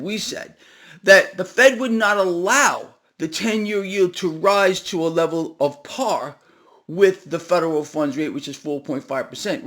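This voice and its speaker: A man hosting a market commentary video, talking straight to his viewers in a casual, animated and sarcastic way. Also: sits high.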